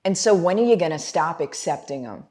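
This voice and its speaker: A woman's voice: on the low side, lively intonation, a little fast, dark tone. A middle-aged woman hosting a motivational livestream, talking fervently and directly to her viewers in a preachy way. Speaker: business coach and livestream host.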